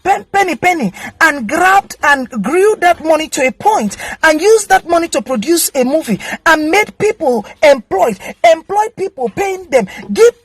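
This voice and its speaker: A woman's voice: very high-pitched, no echo. A Nigerian woman, an actress and vlogger, scolding in a heated direct-to-camera rant and repeating phrases for emphasis.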